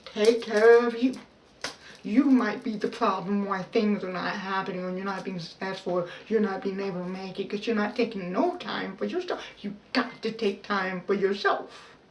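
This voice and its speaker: A woman vlogging a personal self-help talk in a slow, halting, heartfelt way, pausing and restarting as she speaks. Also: medium pitch. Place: outdoors. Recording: roomy echo, voice a bit far from the mic, faint background noise.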